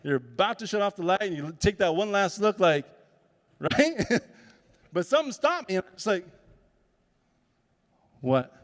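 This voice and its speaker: Recorded with long reverb in a large conference hall, a comedian and speaker shares a personal story at a summit. His voice is high and animated at a normal pace, and he performs the dialogue with lively energy.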